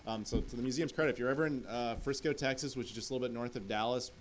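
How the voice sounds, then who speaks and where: A man's voice: mid-range voice, racing, a little hiss or hum. A man on a convention panel, casually telling a story and animatedly acting out what people said. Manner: animated, acts out quotes of others.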